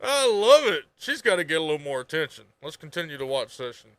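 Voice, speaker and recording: A man streaming and chatting casually while reacting to a video, talking in an animated way, swearing and laughing freely. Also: fairly high pitch, quick pace, dry recording.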